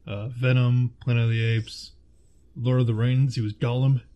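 A relaxed, mid-pitched man talking casually with a friend about old films. He chats loosely, laughs easily and stops to hunt for actors' names. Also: normal speed. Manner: chatty, laughs often, searches for names aloud. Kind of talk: casual chat.

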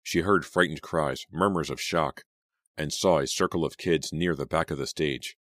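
A man narrating a teen horror audiobook in a deliberate, suspenseful way. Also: rumbling low, fairly bright tone, no echo, studio quality.

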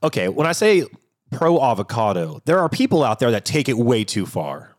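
A man co-hosts a podcast in loose conversation, his voice moving a lot in pitch. He laughs easily and swears freely as he talks. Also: sing-song, moderate pace. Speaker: podcast co-host. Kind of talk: casual podcast chat.

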